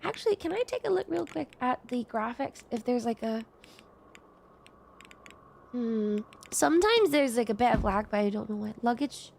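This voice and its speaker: High-voiced chatty woman streamer. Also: lively intonation, moderate pace, creaky, a little mellow, a little hiss or hum. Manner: chatty, rambling, answers chat and laughs often. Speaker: VTuber streamer. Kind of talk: casual gaming chat.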